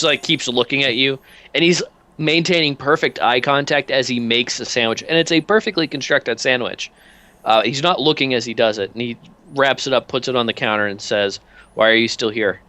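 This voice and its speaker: A man narrating a tabletop role-playing game as game master, casual and halting with many fillers. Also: medium pitch, bright, forceful tone.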